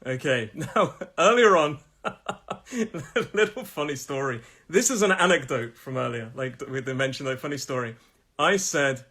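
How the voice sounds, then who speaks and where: A man's voice: a little high, sharp tone, slightly rough. Man teaching English pronunciation live. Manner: friendly, repeats words slowly, laughs often. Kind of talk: live-streamed pronunciation lesson.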